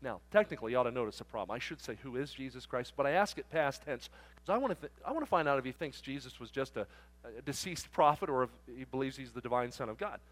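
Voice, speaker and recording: A preacher from South Jersey telling a lively story in a sermon and acting out the dialogue. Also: male voice, mid-range voice, quick pace. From South Jersey, near Philadelphia. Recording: long reverb in a large hall.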